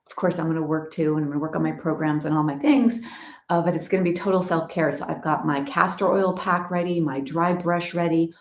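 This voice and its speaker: A woman's voice: low voice, steady tone, a little fast. A middle-aged woman yoga teacher chatting with her students before an online class, greeting them by name and rambling easily from one thought to the next. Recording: roomy echo.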